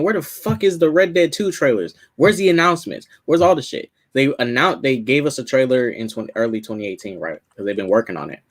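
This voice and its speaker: A man in casual gaming chat, talking loosely with repeats and informal grammar. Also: mid-range voice. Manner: loose, repetitive, says "they was".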